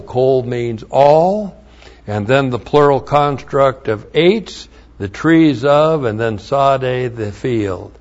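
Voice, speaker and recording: A man gives a slow, deliberate Bible lesson in a middle-pitched voice, leaning hard on the scripture he reads aloud. He spells out Hebrew words one letter at a time. The recording sounds dull and lo-fi. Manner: emphatic when reading scripture aloud. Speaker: Bible teacher. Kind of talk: verse-by-verse Bible teaching.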